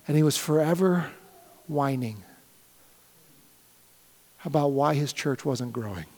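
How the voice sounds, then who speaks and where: A middle-aged man preaching a sermon as pastor of his church, swinging from loud shouted appeals down to soft, quiet prayer. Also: on the high side, slow. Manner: builds to loud shouted pleas, then drops to soft prayer. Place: church sanctuary. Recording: long hall reverb.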